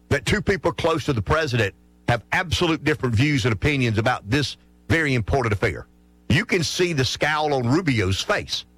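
Animated male talk radio host. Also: on the high side, no echo. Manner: rambling, conversational, frequent restarts and asides. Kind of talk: political talk radio commentary.

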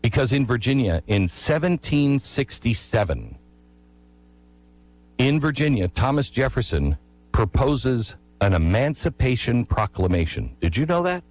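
A man tells history with emphatic force, his pitch rising and falling over a wide range. He keeps asking the listener pointed rhetorical questions. The recording is close and dry, with no room sound. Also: big pitch swings, unhurried, a little mellow, dry recording, poor audio. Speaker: history speaker. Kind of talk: storytelling history talk.

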